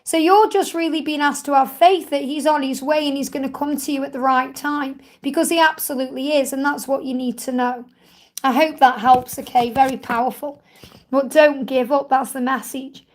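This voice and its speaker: A woman hosting a live-stream card reading, gently reassuring viewers as she relays messages. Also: high-pitched, steady tone, moderate pace.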